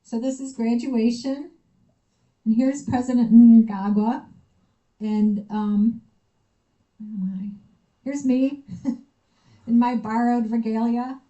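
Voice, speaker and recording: A woman from the United States, visiting to give a lecture, tells lively personal stories at a conference and acts out the conversations in them. Her voice sits on the high side, her pace is slow with many pauses, and the audio is poor.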